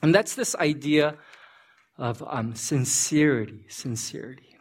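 A male pastor preaching a sermon, telling an animated story that he acts out and checking in with his listeners. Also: on the high side, unhurried, breathy edge.

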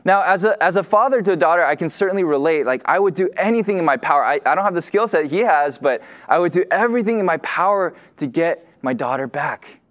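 A man delivering a sermon in an easygoing, conversational way. His voice sits a little high for a man, and he piles on fillers and restarts. He admits he tends to rush his words. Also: expressive, a bit bright. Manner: casual, full of fillers like "you know" and "like"; says he tends to talk fast. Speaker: pastor.

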